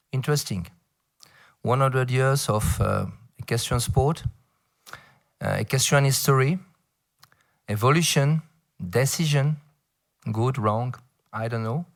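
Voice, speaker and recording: A middle-aged man from France with a French accent, speaking English as a second language and giving a conference talk, halting, with many fillers and playful asides. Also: medium pitch, fairly bright tone. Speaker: federation director addressing a round table. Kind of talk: conference speech.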